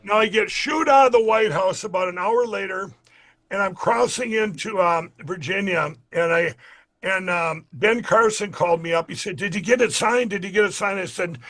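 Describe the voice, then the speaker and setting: Guy with a pretty high voice telling a long story in an interview, acts out the quotes, keeps restarting, talks to everybody watching. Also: moderate pace. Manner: animated retelling, acts out quoted dialogue, frequent restarts; addresses the audience directly. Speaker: interview guest.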